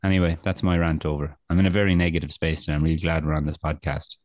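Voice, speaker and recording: Deep-voiced Irish man on a sarcastic rant. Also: flat delivery, fast talker, a little mellow, no room sound, clean studio sound. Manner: ranting, sarcastic. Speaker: podcast co-host. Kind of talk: casual chat.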